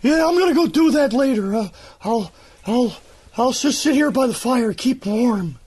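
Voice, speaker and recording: A man voicing a lazy, high-voiced camp boat keeper in a comedy radio bit. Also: lively intonation, normal speed, a little mellow, slightly rough, full character voice.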